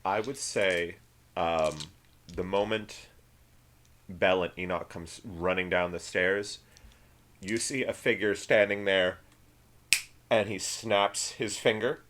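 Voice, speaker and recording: A man narrating as game master of a tabletop game, in a relaxed, halting way. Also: low-pitched, a little hiss or hum.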